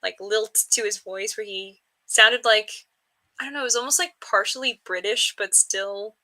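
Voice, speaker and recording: Young female co-host, bright voice, chatty, slips into quick character voices. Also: mid-range voice. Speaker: book club co-host. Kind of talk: casual chat.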